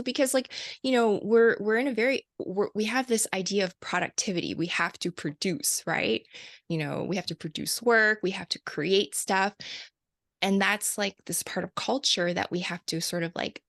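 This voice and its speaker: A woman with a medium-pitched voice, recorded dry and at studio quality, is a guest in a casual interview. She works as a light language channeler and talks reflectively, laughing often and restarting her sentences.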